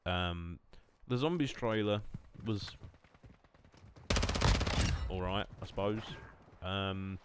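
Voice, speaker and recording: A man's voice: low voice, drawn-out words, long pauses, heavy background noise. A young man streaming from home, chatting casually to his viewers in a rambling, self-mocking way. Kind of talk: casual live-stream chat.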